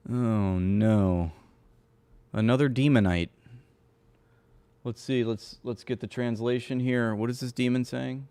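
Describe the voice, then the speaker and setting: A man's voice: mid-range voice, steady tone, takes it slowly, long pauses, mellow, smooth, no room sound. A man hosting a casual political commentary show, talking in a sarcastic, mocking way and sometimes laughing at his own jokes.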